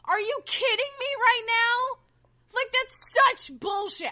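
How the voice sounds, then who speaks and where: A woman's voice: extremely high pitch, takes it slowly, bright, forceful tone. A woman co-hosting a podcast, ranting angrily with a lot of swearing. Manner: angry ranting, heavy swearing. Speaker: podcast co-host. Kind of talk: casual podcast chat.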